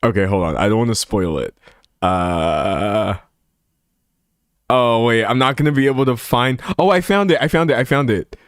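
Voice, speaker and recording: A man's voice: mid-range voice, normal speed, smooth, no echo, clean studio sound. A man hosting a livestream in a casual rant, laughing often and rambling with restarts, talking into a streaming microphone at a home setup. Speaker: livestream host.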